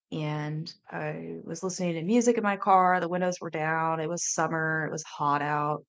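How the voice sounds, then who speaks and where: Slow, low-voiced woman telling her story. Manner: candid, emotional, halting confessional telling. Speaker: life coach and podcast host. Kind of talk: personal story podcast.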